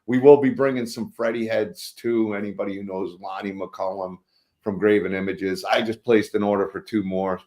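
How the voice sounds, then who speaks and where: A man, likely in his forties, chatting casually on a livestream call, jokey and quick to laugh. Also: lowish voice, steady tone, darkish tone. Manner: jokey, laughs often, does voices of family. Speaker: guest.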